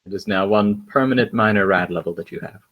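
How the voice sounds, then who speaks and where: A young man running a tabletop game as game master, giving relaxed, matter-of-fact rulings. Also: fairly low pitch, quick pace, phone-quality sound.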